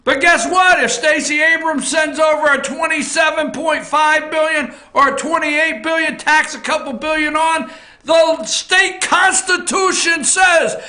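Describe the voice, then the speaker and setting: A man hosting a political opinion show from an office, ranting bluntly with swearing, repetition and frequent shouting. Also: very high-pitched, steady tone, normal speed, few pauses, echoey room. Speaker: talk show host.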